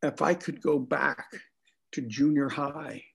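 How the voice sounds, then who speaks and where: A man being interviewed, telling animated, profane stories about his acting work with plenty of laughter. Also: fairly high pitch, takes it slowly, gravelly, breathy edge. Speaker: actor guest. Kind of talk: casual anecdotal storytelling.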